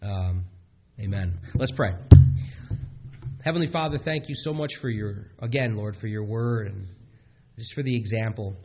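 A man preaching a sermon in a halting way, with frequent restarts and fillers, on a dull lo-fi recording. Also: on the low side, soft background music. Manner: halting, many restarts, acts out quotes.

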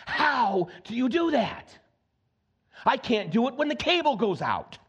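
A man's voice: extremely high pitch, very animated, a little slow, a bit bright, slightly rough, lo-fi sound. A male pastor preaching a sermon in a conversational, joking way, with frequent asides and repeated phrases for emphasis.

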